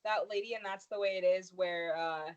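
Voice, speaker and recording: Animated woman co-host, dull lo-fi sound. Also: on the low side, normal speed, over a noisy crowd. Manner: animated, dramatic about fandom. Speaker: podcast co-host. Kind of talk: casual chat.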